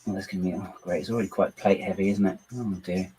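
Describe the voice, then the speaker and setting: A man's voice: deep voice, steady tone, fast talker, mellow, soft background music, rough recording. A man hosting a casual livestream from home, rambling and poking fun at himself as he builds on his computer. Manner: rambling, self-deprecating, talks to himself and his dog. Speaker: channel host building models on a computer.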